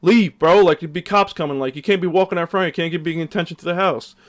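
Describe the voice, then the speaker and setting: A man's voice: a little high, steady tone, fast talker, voice pushed up, natural voice. A man voicing a pushy young male frat brother who urgently tells someone to leave, in slangy, insistent speech.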